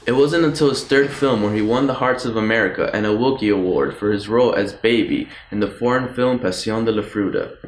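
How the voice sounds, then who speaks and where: A man hosting a comedy talk show in a brisk, formal showman manner. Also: on the low side, a little hiss or hum. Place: studio with live audience. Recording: echoey studio, faint ambience.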